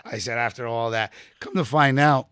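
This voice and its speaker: A man's voice: mid-range voice, normal speed, a bit bright, clear, resonant tone, dry recording. Middle-aged man telling army stories. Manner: rambling anecdotes with many fillers, quoting others. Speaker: podcast guest, retired Army sergeant first class. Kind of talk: casual storytelling chat. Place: podcast studio room.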